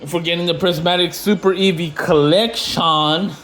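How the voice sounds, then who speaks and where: A man ranting casually to camera in slangy, profane talk, getting louder when he is indignant. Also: sits high, moderate pace, low-quality recording. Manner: slangy, animated, swears freely; rising loud when indignant. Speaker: investing vlogger.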